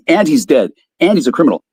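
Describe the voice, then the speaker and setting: Male guest, husky, fast-talking, angry profane rant over a dry video-call mic. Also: on the high side, big pitch swings, a little mellow, no echo. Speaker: guest on a live call-in stream. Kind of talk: profane ranting.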